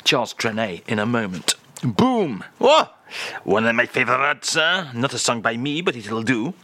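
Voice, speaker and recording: A man's voice: mid-range voice, big pitch swings, moderate pace, a bit bright. A man presenting a comic radio show in a jokey, teasing, mock-exasperated way at a close studio microphone.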